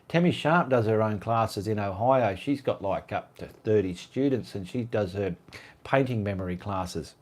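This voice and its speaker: A man's voice: fairly low pitch, measured pace, a little mellow. An Australian man hosting a casual live-stream Q&A, chatting and reading viewer comments aloud in a rambling way.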